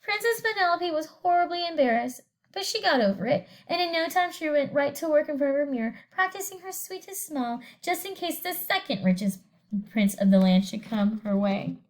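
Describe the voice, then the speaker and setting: High-voiced woman teacher reading aloud. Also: brisk. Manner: animated, expressive storytelling with questions to the class. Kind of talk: reading a picture book aloud to students.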